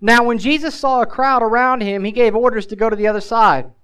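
A man's voice: very high-pitched, fairly quick, a bit bright, clean tone, low-quality recording. A male pastor preaching a sermon. He mixes scripture with casual asides and presses the listener with emphatic rhetorical questions.

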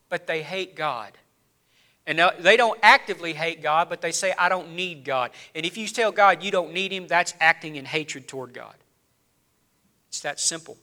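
A preacher with a high, bright, ringing voice delivers a sermon in church. He drops to low, hushed phrases, then climbs back to loud, urgent appeals. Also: normal speed. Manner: preaching with rising and falling intensity, dropping low then building loud. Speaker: pastor.

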